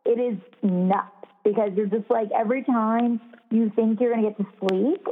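A woman's voice: on the high side, fairly even intonation, normal speed, narrow, tinny audio, faint music behind. Chatty young woman, phone-thin sound. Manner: rambling, full of "like", swears freely. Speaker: podcast co-host, new mother. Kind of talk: casual chat.

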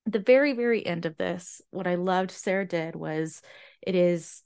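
A woman's voice: fairly low pitch, normal speed, darkish tone, smooth. Earnest woman recapping a book. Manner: frequent restarts and fillers. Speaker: podcast host. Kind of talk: casual book discussion and recap.

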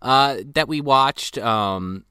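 A man's voice: medium pitch, slow, sharp tone, clear, resonant tone, no room sound, studio quality. A man in casual podcast chat, incredulous and profane as he picks apart a movie. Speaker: podcast co-host.

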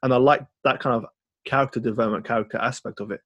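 A man co-hosting a podcast, chatting casually and rambling through an animated story with lots of fillers. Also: medium pitch, racing, dry recording, dull audio. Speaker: podcast co-host. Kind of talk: casual film chat.

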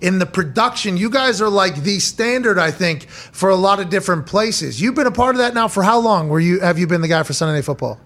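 A man hosting a sports talk show, chatting casually and excitedly hyping up his guest. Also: high voice, a little fast, few pauses. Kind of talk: casual chat.

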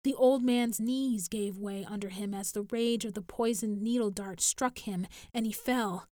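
A woman reading a science fiction story aloud in a measured storytelling manner. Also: medium pitch, mellow, no echo, studio quality. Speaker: narrator. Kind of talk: audiobook reading.

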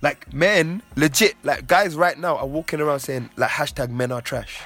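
A man's voice: on the high side, normal speed, a bit bright, faint music behind. A man hosting a podcast, ranting in a preachy, profane, emphatic way. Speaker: podcast host. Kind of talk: casual podcast chat.

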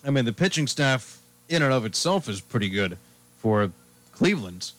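A man on a sports radio show, talking in an easygoing, chatty way. His voice sits at an ordinary middle pitch. He rattles through his picks one after another. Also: big pitch swings, moderate pace, a bit bright, no echo. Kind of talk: casual sports talk radio.

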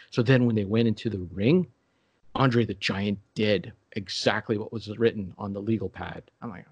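A man in casual chat, rambling and halting with many restarts and fillers. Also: fairly low pitch, fairly even intonation, breathy edge, no room sound.

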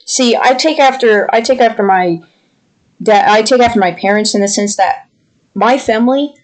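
A young woman co-hosting a podcast, casually telling a story in an exasperated, animated way and mimicking the people she quotes. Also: fairly high pitch, moderate pace. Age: young adult. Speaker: podcast co-host.

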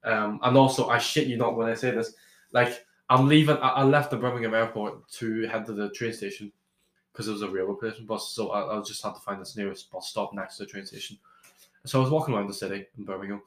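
A man's voice: fairly low pitch, fairly even intonation, quick pace, fairly bright tone, reverberant. A young man from Ireland, a podcast guest telling travel stories in a rambling, casual way with lots of restarts. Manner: rambling, with many restarts and swearing. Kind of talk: casual storytelling chat.

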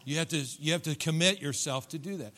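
A man's voice: a little high, fast, sharp tone. A middle-aged man preaching a sermon in a church, folksy and joking, acting out voices from his congregation. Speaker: pastor. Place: church sanctuary.

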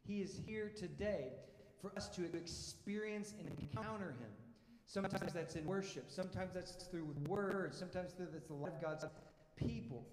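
A pastor delivers his sermon in a conversational, emphatic style, asking questions and repeating words as he goes. His voice sits a little high for a man. It rings through a roomy church hall with a long reverb tail. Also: moderate pace, a little mellow.

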